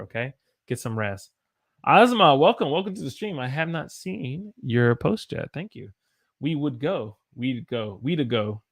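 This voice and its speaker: An American man in his thirties teaching English on a live stream, speaking slowly and repeating phrases for learners to copy. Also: mid-range voice, vocal fry, fairly bright tone.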